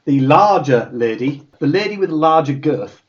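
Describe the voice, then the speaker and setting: A man's voice: a little high, expressive, normal speed, lo-fi sound. A man running a tabletop horror game as game master, narrating wryly and laughing often.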